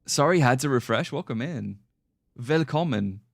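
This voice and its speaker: A man's voice: medium pitch, expressive, normal speed, vocal fry, no echo, studio quality. A man streaming a game, chatting casually and greeting his viewers. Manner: chatty, reacts to and greets chat. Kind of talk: casual live-stream chat.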